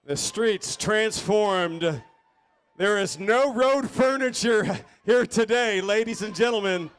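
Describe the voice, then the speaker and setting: Guy co-calling a bike race, kinda high voice, poetic over-the-top lines. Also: slow pace, fairly bright tone, clean tone. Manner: flowery, dramatic wording. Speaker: race announcer. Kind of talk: live race commentary. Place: outdoor street race.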